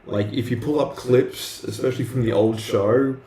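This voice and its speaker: A man's voice: medium pitch, steady tone, normal speed, warm tone. A man casually chatting on a live art stream, hesitant and full of fillers and restarts. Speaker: streaming artist. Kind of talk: casual live-stream chat while drawing. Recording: roomy with faint background noise.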